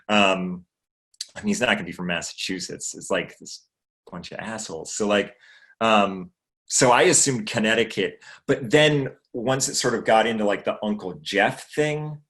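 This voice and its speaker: A man's voice: lowish voice, fairly bright tone. A man from Maine, a guest actor chatting casually in a livestream Q&A, rambling with fillers and swearing freely. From Maine, USA.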